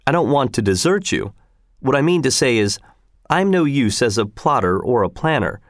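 A man's voice: mid-range voice, very animated, moderate pace, dry recording, studio quality, close to an everyday voice. A man reading aloud, voicing a stoic hero who speaks in short, proverb-like sayings. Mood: plainspoken. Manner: terse, proverb-like pronouncements. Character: laconic, brave male hero, calm and stoic.

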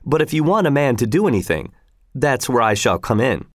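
A man's voice: medium pitch, sing-song, a little fast, dry recording, studio quality. A man reading aloud, voicing a stoic hero who speaks in short, proverb-like sayings. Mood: plainspoken. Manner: terse, proverb-like pronouncements. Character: laconic, brave male hero, calm and stoic.

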